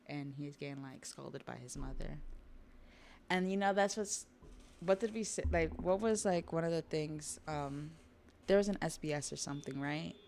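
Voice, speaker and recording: A woman hosting a livestream, chatting casually about a manga while drawing, with relaxed asides to her viewers. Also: low voice, moderate pace, creaky, a little hiss or hum. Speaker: livestream host.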